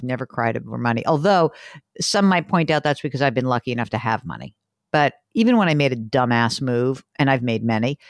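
A woman hosting a podcast, talking in a lively, chatty way with quick asides. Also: rumbling low, no room sound, studio quality. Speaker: podcast host, financial analyst. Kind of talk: casual chat.

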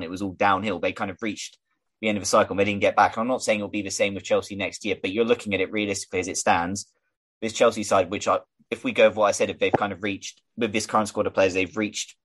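Fast-talking man, low voice. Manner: rapid, runs long thoughts together with fillers. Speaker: podcast host. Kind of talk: casual football chat.

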